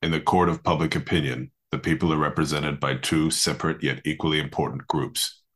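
A man putting on a deep, drawn-out voice as a solemn male crime-show announcer. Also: fairly even intonation, a bit bright, a little hiss or hum.

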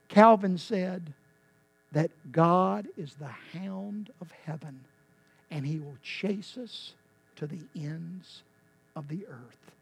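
Preacher guy, fired up, goes from hushed to big and back, dry close sound. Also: high-pitched, animated, slow, gravelly, no echo. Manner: impassioned, swinging from quiet to loud with emphatic repetition. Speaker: pastor. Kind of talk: sermon.

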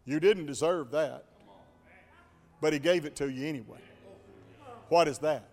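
A man preaching a sermon as pastor, dramatic, swinging from hushed to shouting. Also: on the high side, unhurried, long reverb tail, faint music behind.

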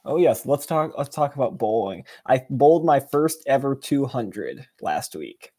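An animated man co-hosting a casual chat podcast. His voice sits at a middle pitch and leaps up when he gets excited, with a playful, jokey delivery. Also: unhurried. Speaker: podcast co-host.

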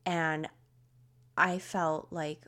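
A woman's voice: sits low, level tone, drawn-out words, pushed and bright. A woman hosting a podcast in a casual, rambling chat, with a scratchy throat, many fillers and frequent laughs. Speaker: podcast host.

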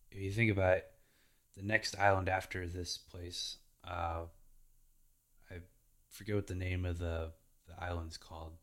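A man casually retelling anime episodes as a podcast host, laid-back and playful. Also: sits low. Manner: slow, laid-back retelling with playful put-on character voices. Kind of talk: casual recap chat.

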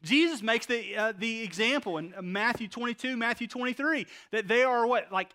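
A man's voice: very high voice, moderate pace, bright, forceful tone. A male pastor preaching a sermon, retelling a story and asking the congregation rhetorical questions, often repeating words as he goes.

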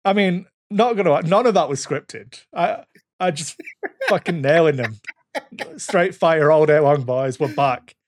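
A man in his thirties, hosting a casual podcast chat and telling animated stories full of swearing and quoted voices. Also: a little high, unhurried, no echo, studio quality. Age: 30s. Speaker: podcast host.

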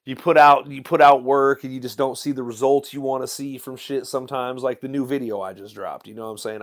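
Profane, animated man telling his story. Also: medium pitch. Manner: profane, animated storytelling with frequent "you know what I'm saying". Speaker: musician guest. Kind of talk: casual interview chat.

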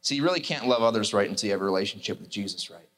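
A man's voice: fairly low pitch, lively intonation, racing, fairly bright tone. A male pastor preaching a sermon, telling a story with animation and acting out the characters.

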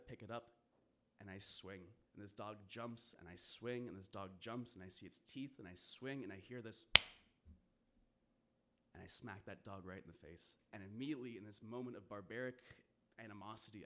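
A man's voice: on the low side, a bit bright. A man telling a vivid first-person story to an audience, swearing and laughing now and then.

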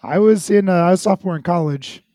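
A man's voice: sits high, quick pace, warm tone, no room sound, studio quality. A middle-aged man co-hosting a movie podcast, wry and often restarting his sentences. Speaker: podcast co-host. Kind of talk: casual movie chat.

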